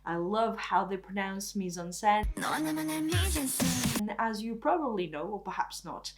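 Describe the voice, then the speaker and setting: A woman whose first language is French talks through an album in a relaxed, chatty vlog style. She sounds enthusiastic and gushes often, at an ordinary, middle pitch for a woman. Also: measured pace, loud music behind the voice. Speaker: K-pop reviewer. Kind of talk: casual album review.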